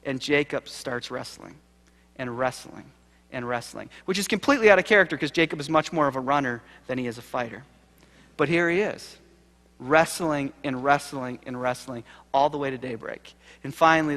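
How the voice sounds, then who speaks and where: A man giving a sermon-style keynote, telling a story with acted quotes and swinging from loud to hushed. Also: medium pitch, a little fast. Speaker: keynote speaker. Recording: live lecture hall reverb.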